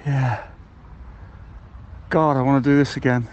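A man's voice: mid-range voice, little pitch movement, measured pace, muffled recording. A man leaving rambling, cheerful voicemails as a balloon ride passenger, with many hesitations. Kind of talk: comic voicemail monologue.

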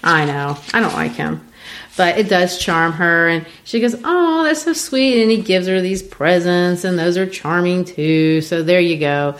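A woman with a slightly low voice walks through a stage play in a lesson. She explains at an easy conversational pace, pausing on fillers as she thinks. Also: a bit bright. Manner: thoughtful, explaining with many fillers. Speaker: literature teacher. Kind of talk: discussing and reading a play aloud.

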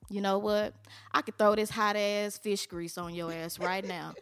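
A woman's voice: medium pitch, steady tone, moderate pace, clear, resonant tone. A woman as an interview guest, telling her own story candidly in blunt, colloquial talk with some cursing. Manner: blunt, colloquial, salty language.

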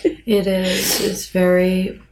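A woman hosting a candid conversation, offering gentle, frank sympathy. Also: fairly low pitch, completely flat delivery, slow, a little hiss or hum. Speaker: host.

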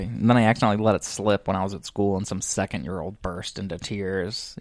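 Lively young man telling stories. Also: fairly low pitch, quick pace, no room sound. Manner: animated storyteller acting out quoted voices. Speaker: podcast co-host. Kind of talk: casual chat.

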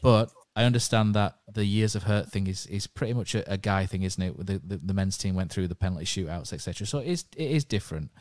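A man's voice: low-pitched, fast talker, hardly any pauses, a little mellow. A man hosting a casual podcast, chatting in a rambling way and telling stories. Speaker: podcast host.

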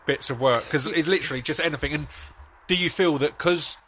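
A man hosting a casual podcast chat, his voice bright and forward. He gets eager as he talks, restarting words and stacking up his thoughts. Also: a little high, fairly quick. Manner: enthusiastic, stumbles and repeats words.

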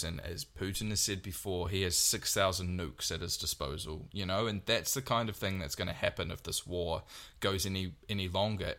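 A man's voice: deep voice, bright, forceful tone. A young man co-hosting a podcast in casual chat, talking earnestly and rambling with many restarts. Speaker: podcast co-host.

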